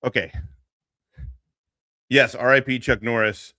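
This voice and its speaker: A man's voice: mid-range voice, fairly even intonation, slow, pushed and bright, no echo. A man hosting casual commentary on a streamer, profane and mocking, often laughing.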